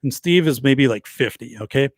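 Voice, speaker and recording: Rambling gravelly man telling a story. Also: medium pitch, moderate pace, no echo, studio quality. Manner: rambling, animated anecdote with many restarts. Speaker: podcast host. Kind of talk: casual storytelling. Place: home studio.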